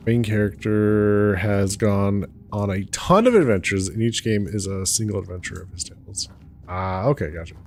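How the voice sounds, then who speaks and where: A man's voice: on the low side, moderate pace, darkish tone, slight background noise. A man hosting a let's play, chatting casually with viewers and laughing often. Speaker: gaming channel host.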